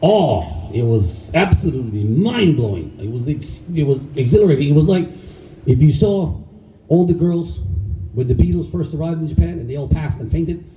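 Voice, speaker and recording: A middle-aged man telling a story on stage in a casual, animated way, swearing freely. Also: fairly high pitch, moderate pace. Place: stage in a large hall. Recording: roomy hall, mic at a distance, faint noise.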